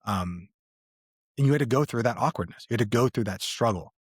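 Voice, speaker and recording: A man's voice: medium pitch, lively intonation, fairly quick, slightly rough, no echo, studio quality. A man co-hosting a podcast, speaking candidly and reflectively in casual chat. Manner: reflective, candid, with fillers and restarts. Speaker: podcast co-host.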